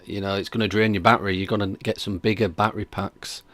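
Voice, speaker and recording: A man's voice: on the low side, level tone, fast, fairly bright tone, no room sound. A man hosting a reaction stream, chatting casually and skeptically while reading out viewer comments. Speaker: reaction video host.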